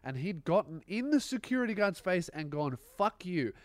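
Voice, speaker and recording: A man's voice: high voice, very animated, a little fast, no echo, clean studio sound. A man hosting a comedy podcast, laid-back and sweary, telling anecdotes. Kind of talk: casual chat.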